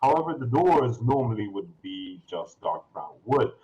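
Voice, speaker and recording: A man's voice: lowish voice, very animated, moderate pace, warm tone, dull audio. A man running a tabletop game as game master, describing the scene in a loose, rambling way full of ums and restarts.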